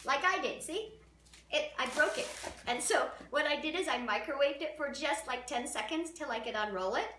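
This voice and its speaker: Brief: playful woman host of a home cooking demo, high voice, mic far off in a roomy kitchen. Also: expressive, normal speed, bright, forceful tone. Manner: chatty, playful, self-deprecating. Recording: roomy, distant, noisy kitchen recording.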